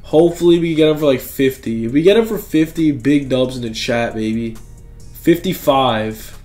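A young man giving excited, slangy gameplay commentary, talking straight to his viewers. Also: medium pitch, normal speed, faint music behind. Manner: hyped, slangy, talks to viewers. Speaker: gaming YouTuber.

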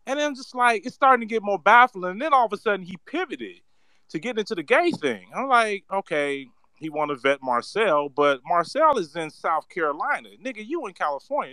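A man's voice: high voice, very animated, a little fast, sharp tone, dry recording. A man giving a profane, ranting commentary, heated and mocking, heavy on slang and cursing. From San Francisco Bay Area. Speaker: political commentator.

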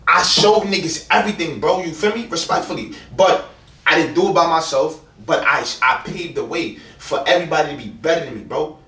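A young man with a New York accent argues with his ex in a fast, rambling rush, cursing and repeating himself. His voice sits a little high for a man. It is caught by a hidden camera set well back in an echoey room. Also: pushed and bright. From the Bronx, New York. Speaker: YouTube prankster. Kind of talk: heated argument with ex-partner. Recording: roomy sound from a distant hidden camera.

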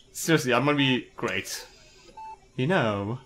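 A man's voice: medium pitch, normal speed, a bit bright, soft background music. A young man commentating a video game playthrough in a goofy, jokey way, swearing and laughing. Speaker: gaming video host. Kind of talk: let's play commentary.

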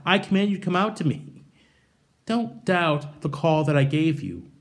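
A man voicing Jesus as a calm, reassuring adult man, in a gentle, chiding, casual paraphrase within a devotional talk. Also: a little high, normal speed, pitched above the performer's own voice, lightly acted.

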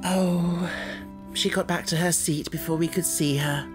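A man reading an audiobook, voicing an imaginative, self-assured little girl who speaks in an earnest, gently coaxing way. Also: a little high, steady tone, a little slow, over music, voice pushed up, natural voice.

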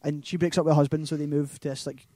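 A Scottish man chatting about films on a casual podcast, his voice a little higher than most men's and mellow rather than bright. He rambles and keeps checking in with "right?". The sound is dry and close. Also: level tone, very fast, no room sound. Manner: rambling, laughing retelling full of "like" and "right?". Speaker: podcast co-host. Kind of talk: casual movie chat.

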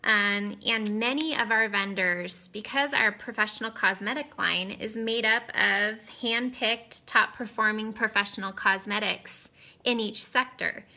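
Bright, chatty woman on a live stream. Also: medium pitch, unhurried. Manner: chatty, giggly, rambling with tangents. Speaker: cosmetics seller streaming live. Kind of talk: casual live-stream chat. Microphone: webcam or phone on camera.

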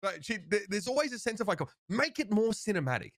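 Fast-talking Australian man, swearing. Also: high-pitched, very animated, vocal fry, a bit bright, no room sound, studio quality. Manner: joking, heavy swearing, quick. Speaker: host. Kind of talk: casual gaming chat.

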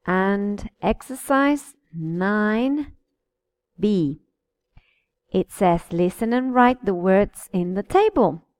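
Slow, patient woman teaching pronunciation. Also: medium pitch, expressive, a little mellow, no room sound, clean studio sound. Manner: over-articulated model words, patient repetition. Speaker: English teacher. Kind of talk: slow, careful pronunciation lesson.

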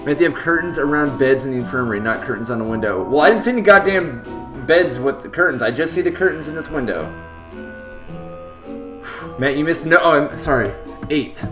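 Animated jokey male game streamer. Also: medium pitch, normal speed. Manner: jokey, riffing on the game between lines; talks to chat. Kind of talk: live-streamed game playthrough, reading text aloud. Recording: roomy echo with faint game music. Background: game music.

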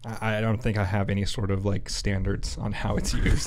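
A young adult man with a somewhat low voice co-hosts a podcast. He swears freely and launches into excited explanations during casual banter. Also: moderate pace, crowd noise. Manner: chatty, swearing, explains with enthusiasm. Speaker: podcast co-host. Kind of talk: casual chat.

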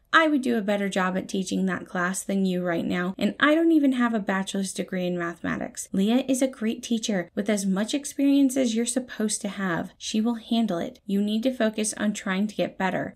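A woman's voice: mid-range voice, darkish tone, close to an everyday voice. A woman voicing an exasperated young man who scolds sharply, his voice raised above her narration. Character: exasperated protective young man, cheerful turned angry.

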